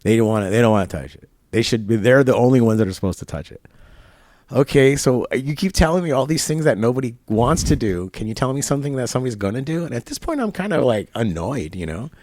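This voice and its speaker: At a barber shop, an interview guest with a medium-pitched, slightly mellow voice talks fast and swings his pitch widely. He spins a long, casual story, acting out both ends of phone calls with quoted lines and laughter.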